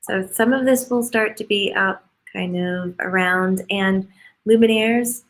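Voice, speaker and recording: A woman's voice: mid-range voice, fairly even intonation, measured pace, rough recording. A woman hosting a casual interview, gushing and effusive as she talks. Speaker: host.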